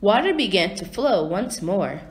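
A woman reads a children's storybook aloud at a slow, careful pace. Her pitch swings widely as she narrates, in a clear, expressive way. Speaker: storybook reader.

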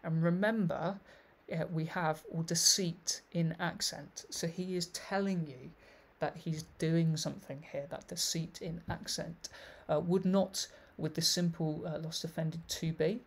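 A man's voice: a little high, fairly even intonation, measured pace, gravelly, hardly any pauses, slightly rough. A man giving an explanatory video lecture, reading passages aloud and commenting on them as he goes. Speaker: literary researcher presenting a thesis.

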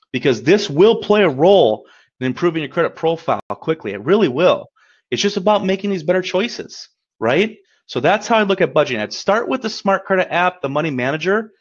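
A man with a fairly high voice coaches a webinar in an upbeat, encouraging tone, chatting and checking in with "right?". The audio is dull and lo-fi. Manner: upbeat, encouraging, conversational, often asks "right?". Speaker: credit repair coach. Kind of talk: webinar presentation.

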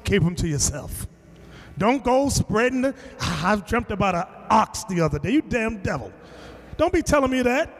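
Man, preacher, storytelling sermon, high lively voice, reverberant hall. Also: moderate pace. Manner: animated storytelling, acting out quotes, shouting at times. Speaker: teacher.

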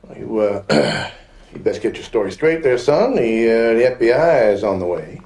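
An actor playing a cocky small-town police captain who talks in a folksy drawl and calls people son. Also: male voice, on the low side, sing-song, moderate pace, a little mellow. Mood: sly.

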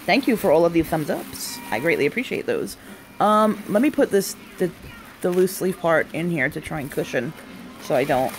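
Chatty, excitable young woman unboxing live. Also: fairly low pitch, moderate pace, faint music behind. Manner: chatty and excitable, frequent delighted exclamations; breaks off to talk to family off camera. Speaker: unboxing vlogger hosting a live stream. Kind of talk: casual live unboxing chat.

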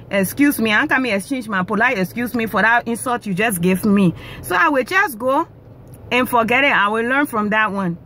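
A woman from Africa ranting in a casual monologue, animated and indignant, often repeating herself. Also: sits high.

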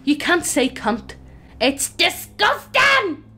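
A woman's voice: extremely high pitch, sing-song, slow pace, bright, forceful tone, pitched above the performer's own voice, heavily acted. A woman voicing an indignant male skeleton who snaps and scolds in exasperation. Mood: panicked.

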